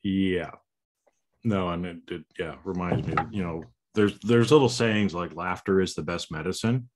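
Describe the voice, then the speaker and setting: A man with a very low voice hosts a relaxed podcast conversation. He talks in an animated, easygoing way and slips into playful, silly voices to make a point. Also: normal speed. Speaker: podcast host. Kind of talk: casual conversation.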